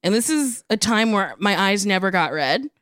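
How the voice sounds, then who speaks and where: Casual podcast guest: woman in her thirties, smooth clear voice, mid pitch, lively story delivery, dry close mic. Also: moderate pace, dry recording. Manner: animated, acts out quotes in a higher voice. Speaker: comedian guest.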